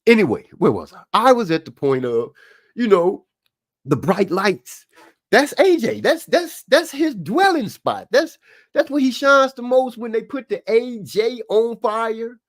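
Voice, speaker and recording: A man's voice: very high-pitched, sing-song, a little slow. A man hosting a live stream, giving rambling, casual boxing commentary with lots of asides.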